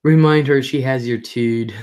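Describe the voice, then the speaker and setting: This middle-aged woman hosts a relaxed live stream, reading out comments and telling family stories with plenty of repetition for emphasis, slipping into mimicked voices. Her voice is rumbling low and darkish, a little slow.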